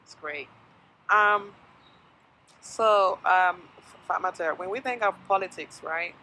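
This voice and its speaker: Slow, bright-voiced woman host. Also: on the low side, low-quality recording. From Sierra Leone. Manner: halting questions with many fillers. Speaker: show host. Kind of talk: conversational interview.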